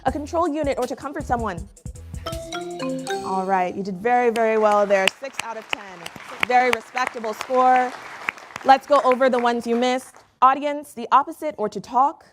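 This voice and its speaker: A woman hosting a quiz show, reading questions in a crisp, brisk way. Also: a little high.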